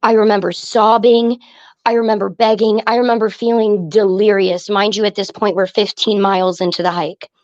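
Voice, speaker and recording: A woman from Pennsylvania recounting a hard personal story as a podcast guest, earnest and halting with many fillers. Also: medium pitch, flat delivery, darkish tone, dry recording. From Pennsylvania, USA. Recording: dry, slightly dull recording.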